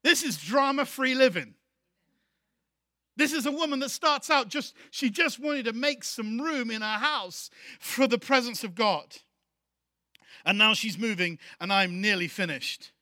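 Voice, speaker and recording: A man's voice: extremely high pitch, unhurried, bright, forceful tone, no room sound, studio quality. A man preaching a sermon to his church, emphatic and repeating key phrases for effect. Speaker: pastor.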